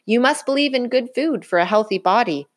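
A woman reading aloud and voicing a brisk, matter-of-fact female bear doctor. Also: fairly high pitch, lively intonation, pitched above the performer's own voice.

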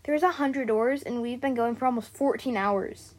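A woman's voice: a little high, normal speed, darkish tone, natural voice. A woman voicing a sarcastic, bookish girl adventurer in a storybook read-aloud, with dry quips.

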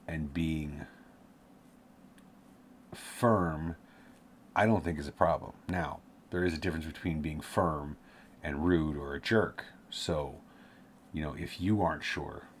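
A man's voice: low-pitched, slight background noise. A man giving casual career advice, rambling and correcting himself, sometimes laughing at his own tangents.

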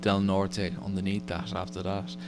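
A podcast host runs a casual interview in a low, gravelly voice at normal speed, often stammering, restarting, and repeating words. Music plays in the background, and a steady hum sits behind his voice.

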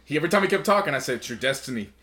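Playful male co-host, lively storyteller. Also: a little high, very fast, a little hiss or hum. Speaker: podcast co-host. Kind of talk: casual chat.

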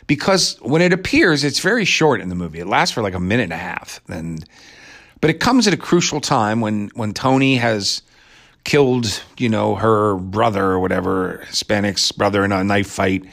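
A man's voice: fairly low pitch, animated, normal speed, creaky, a bit bright. A man giving a rambling, casual movie review rant in a sarcastic, crude and irreverent way, with mocking asides.

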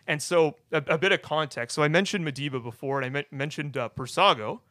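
Bright-voiced young man telling his story. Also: on the high side, dry recording, studio quality. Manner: halting, restarts, tags "right?" often. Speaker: guest sharing testimony. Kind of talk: casual personal storytelling.

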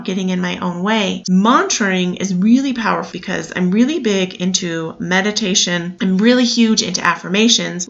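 A woman's voice: mid-range voice, highs cut off. A woman, likely in her thirties, who teaches yoga, talking casually and rambling, with frequent asides to her listeners. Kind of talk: casual spoken talk to listeners.

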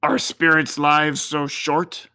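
A man's voice: fairly high pitch, level tone, slow pace, sharp tone, clear, resonant tone, heavily acted. A man voicing old Scrooge, a miserly elderly man, in a storybook reading, with a plain questioning delivery. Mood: uneasy.

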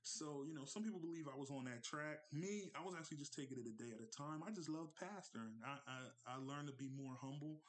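A man's voice: a little high, expressive, quick pace, hardly any pauses. A man, a pastor, telling his own story in a loose, conversational way with lots of fillers. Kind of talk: personal storytelling podcast.

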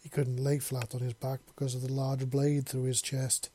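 A man reading a dramatic story aloud as narrator, in a steady, low-key way. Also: moderate pace, breathy edge. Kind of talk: audiobook reading of a fan story.

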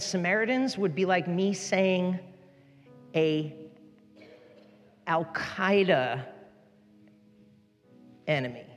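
A man preaching a sermon as pastor, animated and jokey, jumping between topics. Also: a little high. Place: large church hall. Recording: long hall reverb with faint music.

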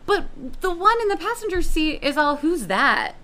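A woman in casual chat recapping a TV episode, animated and profane, acting out the characters' lines. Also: extremely high pitch, brisk, a loud crowd.

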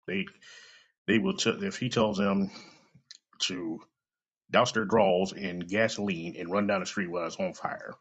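A man's voice: lowish voice, vocal fry, breathy edge. A man hosting a podcast, delivering a blunt, profane, heated opinion rant. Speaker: podcast host. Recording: dull lo-fi recording.

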